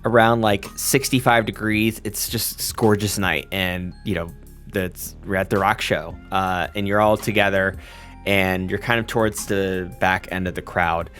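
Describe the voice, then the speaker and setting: A man narrating a tabletop role-playing game as game master, halting often to search for words. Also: low-pitched, fairly even intonation, a bit bright, faint music behind. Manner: halting, full of fillers and restarts.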